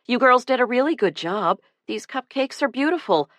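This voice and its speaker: A woman voicing a busy middle-aged mother in an audiobook, bright and coaxing. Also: on the high side, animated, normal speed, dry recording, voice pushed up. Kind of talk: audiobook character voice.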